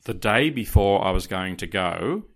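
A man, telling a dramatic personal story to podcast listeners in a casual, animated way. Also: sits low, unhurried.

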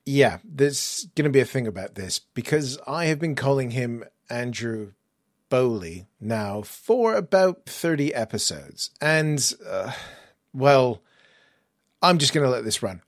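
A man's voice: mid-range voice, expressive, a little slow, dry recording, studio quality. Chatty English man hosting a podcast. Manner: chatty, self-mocking, upbeat. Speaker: podcast host. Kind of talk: casual interview chat. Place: museum collections hangar.

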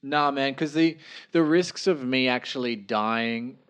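A man's voice: medium pitch, unhurried, fairly bright tone, clean tone. An Australian man co-hosting a podcast, rambling and joking with frequent laughs in casual chat. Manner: rambling, jokey, laughs often. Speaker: podcast co-host.

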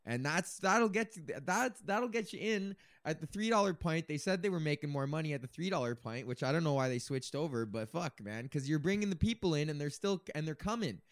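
A man's voice: on the high side, lively intonation, brisk, few pauses, no echo, clean studio sound. A man of thirty, hosting his own podcast, rambles through a casual chat full of swearing and loose asides. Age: 30s. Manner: profane, meandering, laughs often. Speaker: podcast host.

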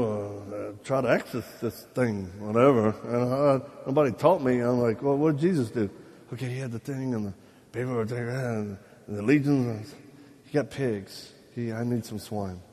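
A man preaching a live sermon, telling stories with jokes, laughing at himself and acting out the voices of people he quotes. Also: medium pitch. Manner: lively, joking, acts out quoted voices; laughs at his own jokes. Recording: long hall reverb.

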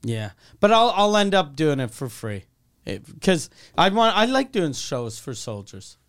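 A man's voice: fairly high pitch, big pitch swings, unhurried. A man who does stand-up, cracking dry jokes and telling stories in casual podcast banter. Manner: dry, joking asides. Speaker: stand-up comedian and podcast co-host.

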